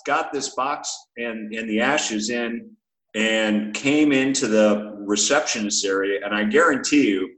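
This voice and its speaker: A man's voice: fairly low pitch, unhurried, a bit bright, slight background noise. A man who is a podcast guest, telling a teasing anecdote in a wry way and acting out the dialogue. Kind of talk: casual storytelling. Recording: echoey room.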